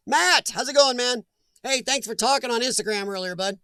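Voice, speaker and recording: Middle-aged guy, high-pitched, dry close mic, easygoing stream host chatting with viewers. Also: normal speed, bright, forceful tone, clean tone, dry recording. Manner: chatty, laughs often, talks back to chat. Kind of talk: casual live-stream chat reading comments.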